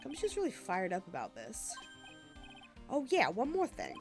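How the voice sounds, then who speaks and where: A woman's voice: on the high side, wildly swooping pitch, normal speed, faint music behind. A woman doing a blustery detective saying "pal". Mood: eager. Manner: folksy, keeps saying "pal". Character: blustery male police detective, eager.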